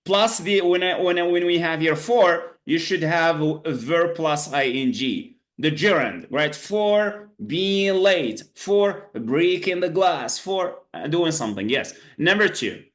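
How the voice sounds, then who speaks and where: Man, online English teacher, slightly high voice, patient, repetitive, lots of fillers, video call. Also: expressive, takes it slowly, few pauses. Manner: patient, repeats himself with many fillers. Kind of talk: online class.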